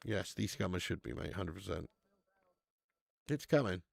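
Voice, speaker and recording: A man's voice: sits low, normal speed, vocal fry, no echo. A young man hosting a live football watch-along, cheering, swearing and chatting with his viewers. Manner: excitable, swearing, banter with chat. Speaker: fan channel host.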